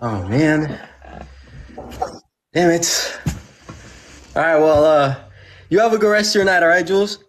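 A man's voice: fairly high pitch, measured pace, long pauses, slight background noise. A man hosting a casual live stream, chatting with callers in a laid-back way and asking about their talents. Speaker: livestream host. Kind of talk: casual livestream chat.

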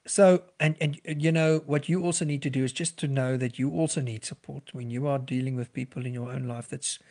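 Husky-voiced man, gently earnest. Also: medium pitch, fairly even intonation, fairly quick. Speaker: clinical psychologist. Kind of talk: podcast talk giving advice.

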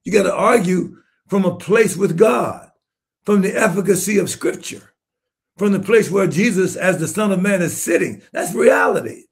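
A man in his seventies, a bishop preaching with emphatic rhetorical questions, swinging between hushed asides and shouted points. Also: high-pitched, moderate pace, creaky. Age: 70s. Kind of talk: sermon-style commentary.

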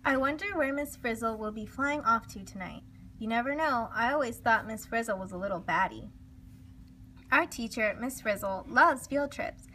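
A woman reads a children's storybook aloud with lively, expressive delivery. Her voice is fairly high and bright, with plenty of energy. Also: normal speed, slight background noise. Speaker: storybook reader.

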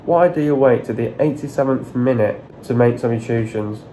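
A man's voice: medium pitch, normal speed, warm tone, a little hiss or hum, low-quality recording. A man giving a frustrated match analysis on his vlog, blunt, sweary and repeating his complaints. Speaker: football fan vlogger.

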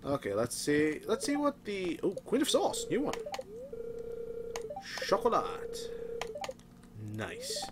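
A man's voice: high voice, wildly swooping pitch, slow, pauses often, noisy background. A man hosting a let's play, easily amused, laughing and talking to his game horse in mock-grand tones. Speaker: gaming channel host. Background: game music.

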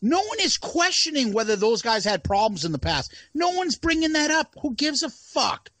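Ranting man with a lively voice. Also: very high voice, moderate pace, no echo. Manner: ranting, swears a lot, exasperated. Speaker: podcast co-host. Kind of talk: casual chat.

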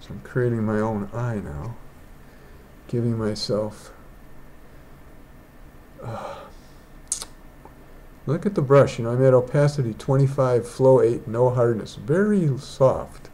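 A man's voice: medium pitch, slow, long pauses, mellow, slight background noise. Man thinking aloud while painting digitally. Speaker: digital artist. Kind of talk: casual painting tutorial. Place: indoors, rain outside.

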